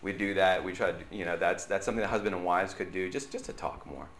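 In a church, a pastor with a low-pitched voice delivers a chatty, story-filled sermon at a quick pace, his intonation fairly even and his tone a bit bright. He keeps checking in with the congregation by asking "right?" The sound is reverberant with a little hiss or hum.

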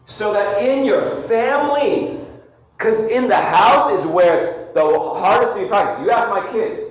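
A man's voice: high-pitched, expressive, unhurried. A middle-aged male pastor preaching a sermon, telling a story casually with slang and restarts. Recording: roomy echo heard from a distance.

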